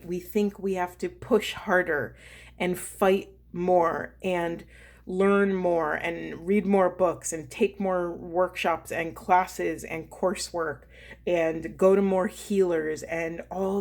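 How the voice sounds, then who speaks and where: A woman spiritual coach gives an intuitive card reading, earnest, slow and emphatic, pausing as she feels for her words. Her voice sits on the low side.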